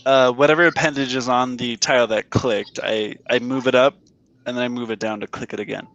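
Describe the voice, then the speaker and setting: A man's voice: medium pitch, steady tone, brisk, a bit bright. A man playing a tabletop game, speaking hesitantly and stumbling over his words. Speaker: player. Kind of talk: casual tabletop game play. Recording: dull lo-fi audio.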